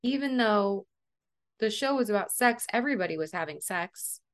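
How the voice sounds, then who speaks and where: Animated woman telling stories casually. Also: medium pitch, moderate pace. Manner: animated storyteller, acts out quotes. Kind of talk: casual chat.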